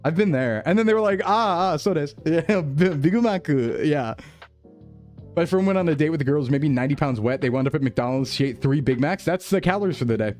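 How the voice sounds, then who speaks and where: A man's voice: medium pitch, animated, brisk, darkish tone, faint music behind. A man streaming, chatting casually with his viewers and laughing often. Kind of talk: casual chat reading chat.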